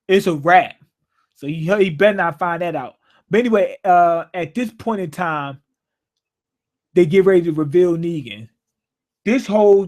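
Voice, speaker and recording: High-voiced man giving a joking, rambling recap. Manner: joking, loose and conversational, repeats himself. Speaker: show reviewer.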